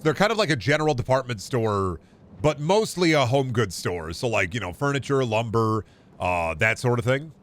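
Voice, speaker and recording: Young man, gaming streamer, rambling, profane, jokey, mid-pitched. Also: sing-song, moderate pace, slight background noise. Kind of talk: casual gameplay commentary.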